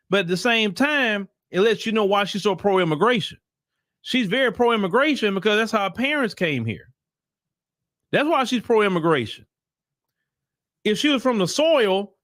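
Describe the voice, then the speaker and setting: A man's voice: high-pitched, fairly bright tone, dry recording, clean studio sound. A man hosting his own channel, giving opinionated political commentary in blunt, casual talk and repeating his points for emphasis. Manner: casual vernacular talk to viewers.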